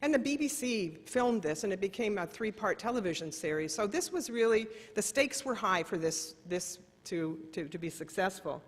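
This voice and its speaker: A woman's voice: mid-range voice, animated, normal speed, hardly any pauses. A middle-aged woman giving a conference keynote, telling personal stories in an earnest, self-correcting way. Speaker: keynote speaker. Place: large conference hall. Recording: long reverb of a conference hall.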